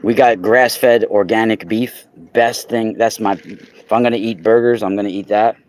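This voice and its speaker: A man chatting casually on a livestream, exclaiming loudly and talking straight to his viewers while selling crystals. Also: on the low side, fairly even intonation, moderate pace, dry recording. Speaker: crystal seller and podcaster. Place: indoors at home.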